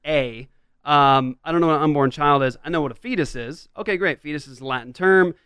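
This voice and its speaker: A fairly high-voiced man hosts a commentary show, reacting to an interview clip. He talks emphatically, with big swings in pitch and loudness. The sound is dry and close, with no room echo. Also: a little fast, clean tone. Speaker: podcast host.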